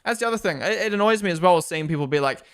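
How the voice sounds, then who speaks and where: A man's voice: high-pitched, expressive, very fast, fairly bright tone, clear, resonant tone. A man in his twenties with a New Zealand accent, hosting a live stream in casual chat, reading viewer comments aloud and answering them. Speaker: livestream host.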